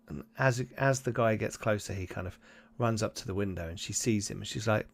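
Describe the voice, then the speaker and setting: A man narrating as game master in a tabletop role-playing session, relaxed and hesitant, with many pauses. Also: on the low side, gravelly, no echo.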